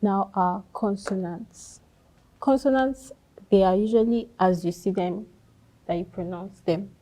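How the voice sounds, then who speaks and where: A woman's voice: medium pitch, unhurried, warm tone. A woman teaching French pronunciation, speaking carefully and repeating each example word. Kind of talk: slow pronunciation lesson.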